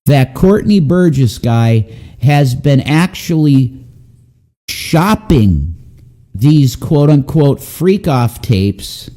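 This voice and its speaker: A man's voice: a little high, dark tone. A man hosting a commentary show, ranting bluntly with frequent swearing and incredulous outbursts.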